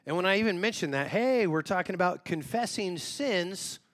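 A man with a fairly high voice preaches to his church. His manner is relaxed, plain-spoken and self-deprecating, as if chatting with friends from the pulpit. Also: moderate pace. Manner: informal, self-deprecating, talks straight to the congregation. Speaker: pastor. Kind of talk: conversational sermon.

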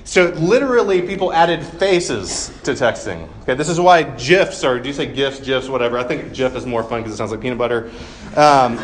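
A man's voice: a little high, a little hiss or hum. Casual, joking male preacher. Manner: conversational, self-deprecating humor with frequent fillers. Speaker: pastor. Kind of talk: sermon.

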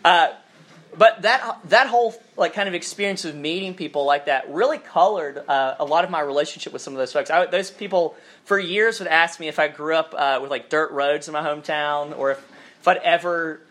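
He speaks fairly quickly in a high, slightly bright voice, a southern Alabama campus minister whose Southern accent has faded. His sermon is chatty and informal, with scripture read aloud, lots of fillers, and self-deprecating humor.

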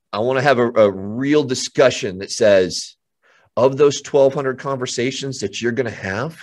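Energetic man giving a pep talk. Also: medium pitch. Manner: energetic, emphatic, repeats words. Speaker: real estate coach. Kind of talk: motivational talk.

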